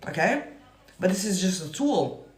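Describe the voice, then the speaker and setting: Profane, yelling male manifestation coach. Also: high-pitched, sing-song, normal speed. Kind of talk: live-stream talk answering viewer comments. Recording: roomy echo.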